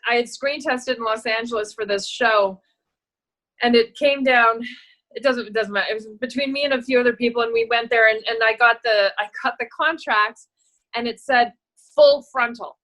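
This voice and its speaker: A woman's voice: on the high side, normal speed, rough recording. A middle-aged woman, an actress, telling candid stories in a casual interview, acting out the voices of others and laughing often. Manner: animated storyteller, acts out quoted voices, laughs often. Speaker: actress and producer, guest.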